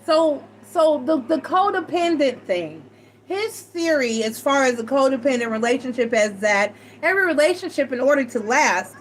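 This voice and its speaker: A middle-aged woman telling personal stories to a live chat, animated and acting out what others said. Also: high-pitched, normal speed, slight background noise, low-quality recording. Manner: animated, acts out quoted voices, frequent self-restarts. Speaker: tarot reader and live chat host. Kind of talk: casual storytelling to a live chat.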